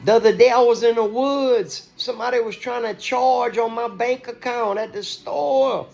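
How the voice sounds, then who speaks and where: A man's voice: very high voice, fairly even intonation, moderate pace, gravelly, a little mellow. Agitated man ranting, swearing. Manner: agitated, profane, repetitive. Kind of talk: ranting monologue to camera.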